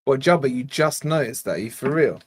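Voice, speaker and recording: A man's voice: medium pitch, animated, a little fast, husky. A man born in Scotland hosting a live football watch-along, giving casual play-by-play and bantering with his chat. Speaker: fan channel host.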